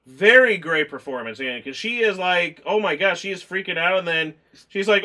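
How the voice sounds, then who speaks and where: High bright-voiced man reviewing a film. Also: a little fast. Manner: rambling, acts out scenes in mock voices. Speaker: movie reviewer. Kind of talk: casual film review chat.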